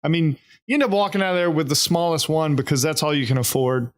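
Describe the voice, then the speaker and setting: A man's voice: a little high, fast. A man with a Texan accent, co-hosting a podcast in easygoing, chatty casual talk that trails off with fillers. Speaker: podcast co-host. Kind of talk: casual chat.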